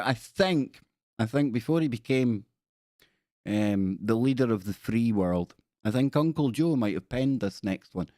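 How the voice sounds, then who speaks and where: A man's voice: medium pitch, a little mellow, dry recording, clean studio sound. A man hosting a casual livestream, reading viewer stories aloud with playful, rambling asides and jokey spooky voices. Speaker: livestream host.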